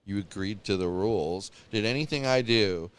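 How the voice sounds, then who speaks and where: A man co-hosting a podcast in casual chat, ranting in an animated way and mocking other people in quotes. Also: fairly low pitch, normal speed, slight background noise. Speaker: podcast co-host.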